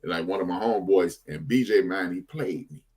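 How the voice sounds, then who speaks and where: A middle-aged man co-hosting a podcast, telling stories in casual slang and growing animated when he makes a point. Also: deep voice, normal speed, husky. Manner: laid-back storytelling with slang, animated when making a point. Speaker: podcast co-host. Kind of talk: casual chat.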